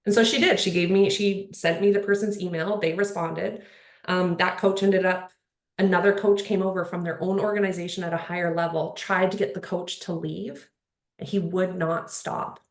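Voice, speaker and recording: A woman's voice: fairly low pitch, fairly even intonation, moderate pace. A woman speaking on a panel in casual conversation, earnest and rambling, with lots of "like" and "you know". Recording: roomy echo.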